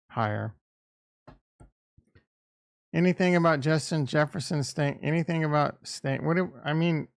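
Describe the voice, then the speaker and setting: A man's voice: medium pitch, vocal fry, no room sound, clean studio sound. A middle-aged man hosting a livestream, chatting in a blunt, rambling, crude way. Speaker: livestream host. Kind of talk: casual livestream chat.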